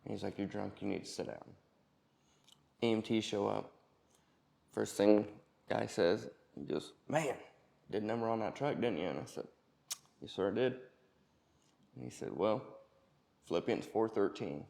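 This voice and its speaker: A man with a gravelly, low-set voice recounts his own story in a plain, halting way, full of ums and restarts. He speaks, as a personal testimony. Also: mellow. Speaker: employee sharing personal story.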